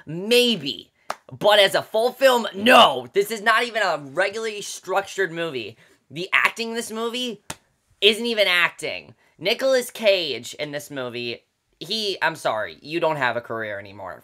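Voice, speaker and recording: A man's voice: high-pitched, sharp tone. A man giving a ranting movie review to camera, blunt and exasperated, with many fillers and restarts.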